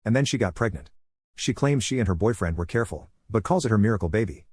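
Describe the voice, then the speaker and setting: Fast-talking husky male storyteller. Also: fairly low pitch, expressive, a little mellow, no room sound, clean studio sound. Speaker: narrator. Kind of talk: storytelling narration.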